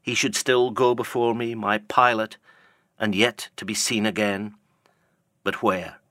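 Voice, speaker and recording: Guy reading as grim old ship captain, solemn and commanding, bright clear voice, dry sound. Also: fairly low pitch, little pitch movement, unhurried, no echo. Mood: brooding. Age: older. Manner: declaiming, solemn archaic speech. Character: aging obsessed male sea captain, grim and commanding. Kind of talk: audiobook character reading.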